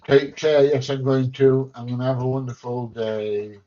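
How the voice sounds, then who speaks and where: In dull, lo-fi stream audio, an English man chats from home as a livestream host, going through viewer comments with casual bluntness, jokes, and light swearing. His voice is mid-range and warm, holding a steady tone at a moderate pace.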